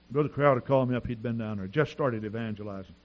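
A middle-aged man preaching a sermon, telling stories in an animated, repetitive way with frequent restarts. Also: medium pitch, gravelly, highs cut off. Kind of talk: sermon with storytelling.

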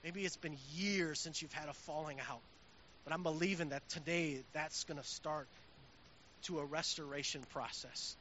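A male pastor preaches in a relaxed, conversational way that swells into strong emphasis. His voice is bright and fairly high. The recording sounds dull, with a faint hiss behind it. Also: normal speed. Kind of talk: sermon.

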